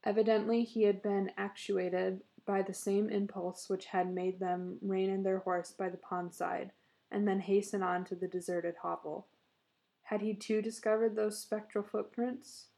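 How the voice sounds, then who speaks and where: A woman reads a short story aloud at a steady, measured pace. Her voice is gravelly, with a dark, mellow tone. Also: mid-range voice. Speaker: narrator.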